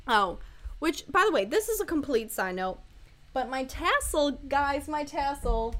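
A woman's voice: high-pitched, animated, a little slow, fairly bright tone. A woman in her twenties hosting a casual solo podcast, candid and rambling with lots of asides, joking irreverently and laughing often. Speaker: podcast host.

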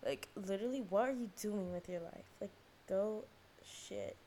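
A woman's voice: mid-range voice, normal speed, dark tone, a little hiss or hum. A young woman hosting her own podcast alone. She rambles in casual chat, mocks herself, swears a lot, says "like" constantly and loses her train of thought. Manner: rambling, self-mocking, heavy use of "like", frequent swearing; jumps between topics, loses her thread. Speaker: podcast host. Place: at home, on her phone.

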